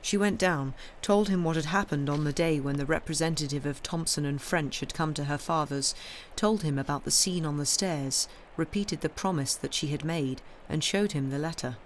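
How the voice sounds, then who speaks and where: A woman reading a classic novel aloud on a live stream, in a steady, measured storytelling voice with the odd small restart. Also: low voice, slight background noise. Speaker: reader. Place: home streaming setup.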